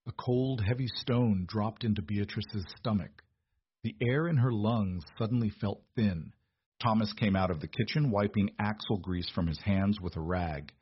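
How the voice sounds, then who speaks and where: A man narrating an audiobook in an even, measured storytelling manner. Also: fairly low pitch, lo-fi sound, a little hiss or hum.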